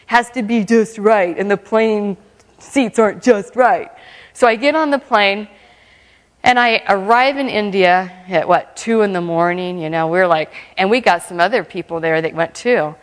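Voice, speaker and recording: A woman giving a lively, humorous mission testimony at church, often breaking into laughter. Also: mid-range voice, normal speed, in a large hall.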